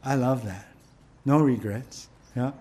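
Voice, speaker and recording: A man's voice: medium pitch, slow pace, warm tone, husky. A man preaching a sermon, fervent and emphatic, often restarting his words as he presses his point. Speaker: pastor.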